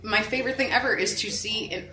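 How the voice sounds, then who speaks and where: A woman's voice: a little high, fast talker, bright, forceful tone. A woman comedian guest on a podcast, chatty and bubbly, giggling often. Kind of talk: casual chat. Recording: echoey room with crowd noise.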